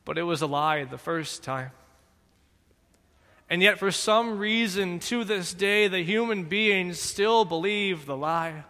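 A man giving dramatic scripted narration in a slow, deliberate, solemn manner. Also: sits high, sharp tone, big-room sound.

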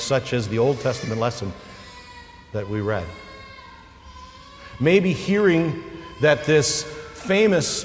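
A male pastor preaching a sermon, swelling loud at high points and dropping soft and low for emphasis. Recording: long reverb of a large hall.

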